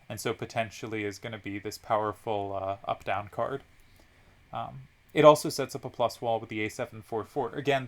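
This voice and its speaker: Man calmly breaking down card game moves. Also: fairly low pitch. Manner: analytical, explains moves step by step with frequent ums. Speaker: tournament commentator. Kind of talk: game analysis commentary.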